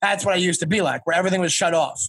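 High, bright-voiced rambling guest man. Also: no room sound. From Long Island, New York. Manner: rambling, self-reflective, halting. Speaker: guest comedian. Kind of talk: casual chat.

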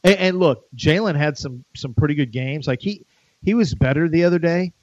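A man's voice: fairly high pitch, normal speed, darkish tone, no echo, highs cut off. A middle-aged man hosting sports talk radio, rambling and joking in casual chat. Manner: rambling, chatty, jokey.

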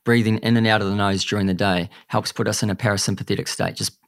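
Kiwi male guest, lowish gravelly voice, dry close mic, earnest and chatty. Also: steady tone, fast talker, no room sound. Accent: New Zealand. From New Zealand. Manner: earnest, chatty, calls the host mate. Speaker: podcast guest. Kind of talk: candid storytelling interview.

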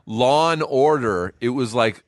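Man with an expressive voice, dry jokes. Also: mid-range voice, measured pace, dry recording. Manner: trivia-minded, dry jokes. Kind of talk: casual comedic chat.

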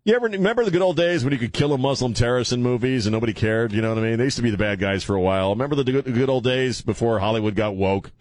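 A man's voice: mid-range voice, very fast, hardly any pauses, darkish tone. A middle-aged man hosting a radio talk show, joking loosely and provocatively and laughing often. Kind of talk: casual radio banter.

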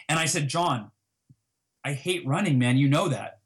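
A man telling a personal story as an interview guest, acting out past conversations with lively emphasis. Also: fairly high pitch, normal speed, pauses often. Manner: animated, reenacts dialogue with emphasis.

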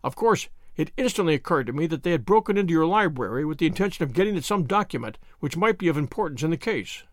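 A man reading aloud, voicing a confident, sharp detective who explains in a measured way. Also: fairly high pitch, lively intonation, dry recording, clean studio sound, close to an everyday voice. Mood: explaining.

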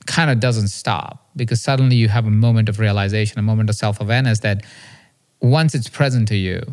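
A man's voice: lowish voice, fairly quick, a little mellow. A man in his thirties, a podcast host and coach, telling a personal story in an earnest, confessional way and often checking in with "right?". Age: 30s.

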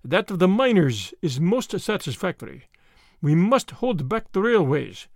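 A man voicing a businesslike German agent with a clear, precise voice. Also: high-pitched, big pitch swings, measured pace, dry recording, studio quality, full character voice. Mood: formal.

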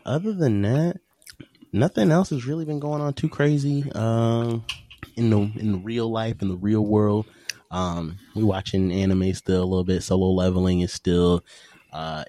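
Podcast co-host, male, thirties, deep-ish, loose slangy storyteller. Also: slight background noise. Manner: animated storyteller, slangy, swears, acts out quotes loudly. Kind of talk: casual podcast chat. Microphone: remote call mic.

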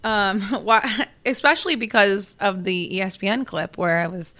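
A woman's voice: medium pitch, normal speed, sharp tone. A woman football reporter on a podcast, telling stories in a chatty, casual way with many fillers and restarts. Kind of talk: casual chat.

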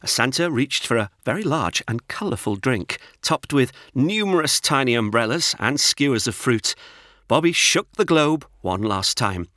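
A man reading a children's storybook aloud in an expressive, lively narration. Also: mid-range voice, normal speed, no echo, clean studio sound.

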